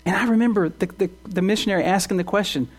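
A man's voice: high-pitched, fast. A man preaching a sermon as pastor, earnest, asking the congregation rhetorical questions and often restarting his words.

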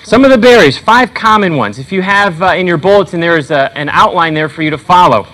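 High-voiced man preaching a sermon. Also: animated, brisk, sharp tone, low-quality recording. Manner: earnest, conversational preaching with frequent fillers. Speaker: pastor.

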